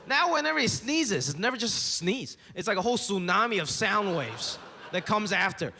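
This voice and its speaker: A man with a high, sing-song voice speaks at normal speed, his delivery creaky and sharp-toned. He is doing stand-up on a comedy stage before a live audience, acting out the voices of his parents and others. The recording comes from a live hall with long reverb and audible audience noise.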